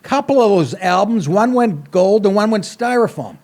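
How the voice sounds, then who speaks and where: A man's voice: high voice, lively intonation, moderate pace, a little mellow. A middle-aged man hosting a comedy podcast, ranting in a crude, sarcastic, blunt way with constant swearing. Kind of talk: profane comedic rant.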